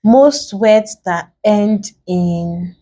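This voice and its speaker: A woman teaching an exam-prep lesson, spelling out word endings letter by letter in a deliberate way. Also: mid-range voice, dark tone. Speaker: English tutor.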